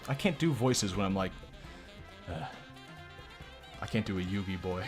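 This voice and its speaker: A man's voice: deep voice, animated, moderate pace, faint music behind. A man streaming live gameplay, commenting casually in a joking, profane, self-mocking way. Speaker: game streamer.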